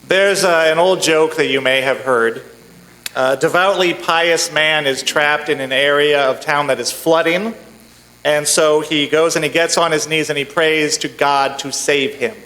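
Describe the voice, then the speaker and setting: A man's voice: a little high, sharp tone, poor audio. Man preaching a sermon in a sanctuary. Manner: storytelling with a joke, measured. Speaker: minister. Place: church sanctuary.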